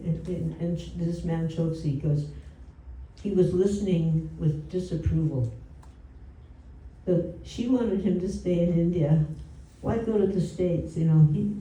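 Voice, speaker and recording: Woman telling a story to a group, dark mellow voice, bit far off in an echoey room. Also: sits low, highs cut off. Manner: conversational, frequent "you know" asides. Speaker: speaker at a devotional home program. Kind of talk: storytelling talk. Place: indoor gathering room. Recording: roomy and distant from the mic.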